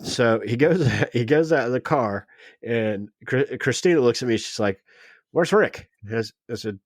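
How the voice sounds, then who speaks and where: A man telling a story on a podcast, animated and acting out the dialogue of the people in it. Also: medium pitch, normal speed, no echo, clean studio sound. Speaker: podcast guest. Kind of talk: casual storytelling.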